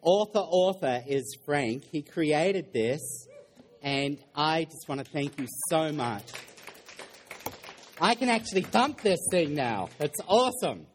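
A middle-aged male pastor giving a lively sermon in a church hall, joking and putting questions to the congregation. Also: on the high side, slow, slight background noise. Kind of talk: interactive sermon.

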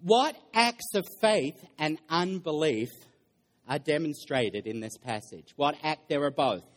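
A middle-aged male pastor giving a lively sermon in a church hall, joking and putting questions to the congregation. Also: on the high side, measured pace. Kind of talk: interactive sermon.

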